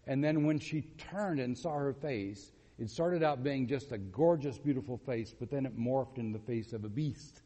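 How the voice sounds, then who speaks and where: Male preacher, mid-pitched voice, lively storytelling sermon, acts out the quotes, big hall echo. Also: moderate pace, few pauses. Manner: animated, acts out quotes, asks the audience questions. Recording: long hall reverb.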